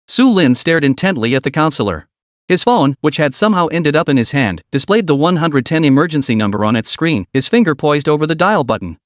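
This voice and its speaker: Lively higher-pitched male narrator. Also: brisk, no room sound, clean studio sound. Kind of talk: scripted story recap narration.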